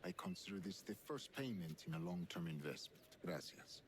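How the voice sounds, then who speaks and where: A stern, commanding official in a game cutscene, speaking formally and with measured authority. His voice sits low but moves widely, with faint ambience behind. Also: expressive, a little hiss or hum.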